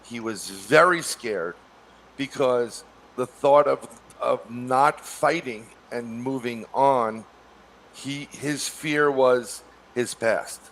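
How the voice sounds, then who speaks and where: A man telling a story on a podcast in a casual, animated way, acting out the people he quotes. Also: takes it slowly, a little hiss or hum. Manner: animated, acts out quotes with rising pitch. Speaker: podcast co-host.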